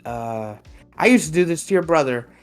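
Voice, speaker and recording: Young dude on a podcast, laughs a lot, swears, rambles, faint music behind. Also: male voice, fairly high pitch, animated, normal speed. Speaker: podcast co-host. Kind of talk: casual chat.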